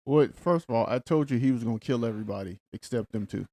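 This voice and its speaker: A man's voice: mid-range voice, dry recording. Laid-back man chatting on a podcast. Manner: relaxed, teasing, drawn-out fillers. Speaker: podcast co-host. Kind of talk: casual recap chat.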